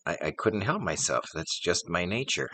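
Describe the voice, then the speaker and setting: A man's voice: low voice, big pitch swings, normal speed, pushed and bright, no room sound, voice pushed up, full character voice. A man voicing a sly male scorpion who sweet-talks in a casual, coaxing way. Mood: resigned.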